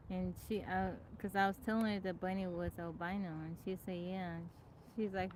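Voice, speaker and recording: A woman's voice: fairly low pitch, flat delivery, a little fast, a little hiss or hum, rough recording. Chatty woman livestreaming outdoors. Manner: chatty, greets viewers by name, laughs often. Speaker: livestream host. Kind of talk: casual live chat. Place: outdoors in nature. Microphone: phone.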